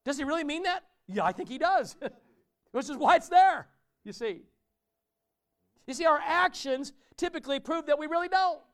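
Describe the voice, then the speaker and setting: A man's voice: very high voice, lively intonation, moderate pace, fairly bright tone. A man preaching a conversational sermon in a church, often asking his listeners questions. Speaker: pastor.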